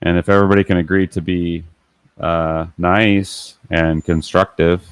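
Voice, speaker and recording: A man's voice: low-pitched, little pitch movement, normal speed, clean tone, no echo. A man hosting a casual livestream, chatty and rambling with fillers. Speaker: livestream host.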